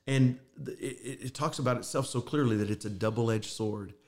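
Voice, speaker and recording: A man's voice: medium pitch, fairly quick, a little mellow. A middle-aged man hosting a podcast, talking earnestly about faith and getting emotional as he tells a personal story. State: choked up. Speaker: podcast host. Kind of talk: casual faith talk.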